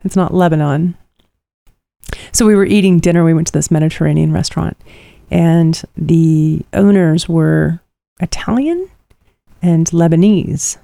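Middle-aged woman co-host, rambling chatty delivery, fairly low warm voice, dry close sound. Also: measured pace, gravelly, no room sound. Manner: rambling and chatty, many fillers. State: tired. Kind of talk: casual chat, personal storytelling.

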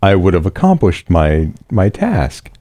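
Low dark-toned male co-host, wry and dry, swears casually. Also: huge pitch swings, a little slow, no room sound. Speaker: podcast co-host. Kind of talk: casual chat.

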